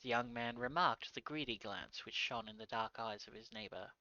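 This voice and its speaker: A man's voice: medium pitch, moderate pace, pushed and bright, no echo, lo-fi sound. A man reading a classic novel aloud on a live stream, with casual asides. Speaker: reader.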